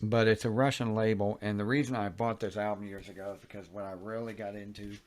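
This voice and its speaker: A man's voice: fairly low pitch, flat delivery, fast. A middle-aged man chatting casually about records in his home office, rambling with many fillers and self-corrections. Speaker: record collector reviewing albums. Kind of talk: casual vlog chat. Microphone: mic on a stand near the camera.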